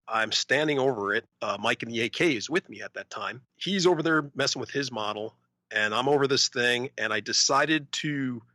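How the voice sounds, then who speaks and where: A man co-hosting a podcast, telling a story in a casual, animated way and acting out the voices of other people. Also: mid-range voice, dry recording. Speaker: podcast co-host.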